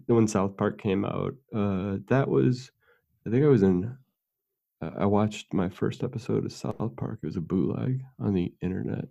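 A man's voice: on the low side, gravelly, mellow. A man in casual conversation, telling long rambling stories with fillers and laughs.

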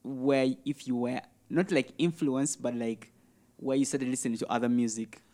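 A man's voice: medium pitch, steady tone, moderate pace, mellow. A man hosting a podcast, asking questions in an easygoing, curious way. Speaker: podcast host. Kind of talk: casual podcast interview.

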